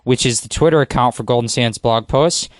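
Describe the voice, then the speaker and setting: A man's voice: mid-range voice, brisk, no room sound, studio quality. A man guesting on a podcast, chatting in an easygoing, rambling, self-deprecating way. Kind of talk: casual podcast chat.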